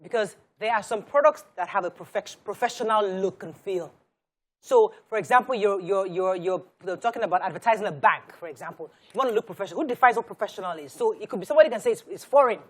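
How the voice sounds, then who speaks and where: A woman's voice: mid-range voice, fast talker. A woman hosting a studio panel discussion, posing probing questions and often repeating words as she works toward them. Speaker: talk show host.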